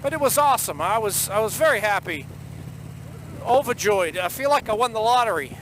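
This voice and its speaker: Recording a casual vlog on the road, a man with a Boston accent spins a rambling, talkative story over outdoor traffic noise. His voice is high, animated, and brisk.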